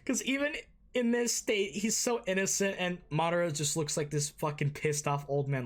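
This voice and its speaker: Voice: medium pitch, moderate pace. An anime reaction host giving casual, rambling commentary, swearing freely and full of fillers and restarts.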